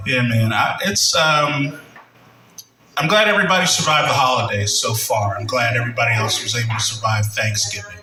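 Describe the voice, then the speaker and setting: A man's voice: medium pitch, fairly quick. A man doing a loose, hesitant amateur stand-up set at a bar. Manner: loose, hesitant, many ums. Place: small bar stage. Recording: echoey bar from a distant mic, crowd.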